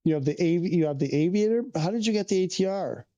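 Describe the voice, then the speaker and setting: A man's voice: sits high, fast talker, warm tone, muffled recording. A man from Canada, chatting casually on a livestream, rambling and restarting as he answers viewers' questions. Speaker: streamer.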